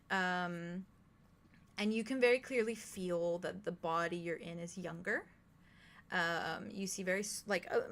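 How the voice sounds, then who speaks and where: Slow-talking woman game master. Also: lowish voice, a bit bright. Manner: hesitant, full of "um" and "like". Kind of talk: narrating a tabletop game.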